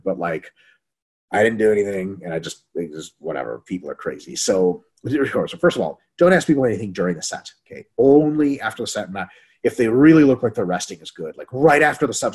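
A man co-hosts a casual fitness Q&A with a lowish, husky voice. He is loose and profane, and he slips into animated little impressions of the people in his stories. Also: fairly quick. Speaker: webinar co-host. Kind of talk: casual Q&A chat.

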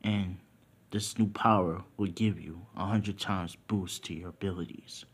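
A man voicing an ancient spirit that grants power, speaking in slow solemn pronouncements. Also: deep voice, fairly even intonation, husky, exaggerated voice.

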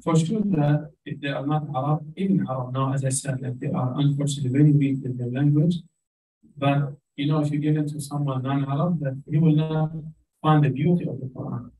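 A native Arabic-speaking man with an Arabic accent teaches Quranic Arabic in an informal lecture at a community center hall, earnestly restarting his phrases as he goes. His voice is a little high with a dark tone, recorded from far off in an echoey hall.

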